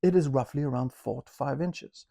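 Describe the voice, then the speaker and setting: A man talking casually to camera from his home listening room, reviewing speakers with chatty joking asides and drawn-out emphasis. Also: medium pitch, vocal fry, mellow.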